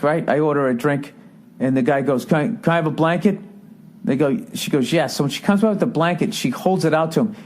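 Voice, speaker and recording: Middle-aged male podcast host with a slightly high voice, doing a profane, exasperated comic monologue. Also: a little mellow. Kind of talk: comedic monologue rant.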